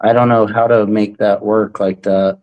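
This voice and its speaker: A man's voice: on the low side, flat delivery, normal speed, a little mellow, poor audio. Rambling profane young male streamer. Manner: rambling, profane, hesitant restarts. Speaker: stream host. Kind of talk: casual livestream chat.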